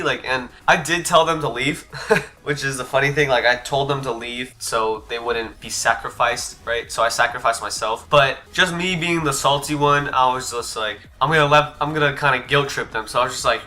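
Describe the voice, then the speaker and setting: A man's voice: medium pitch, fairly even intonation, normal speed, bright, forceful tone. A young man telling a personal story to his channel in a laid-back way, swearing and full of fillers. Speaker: vlogger. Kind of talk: casual storytime. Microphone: desk USB mic.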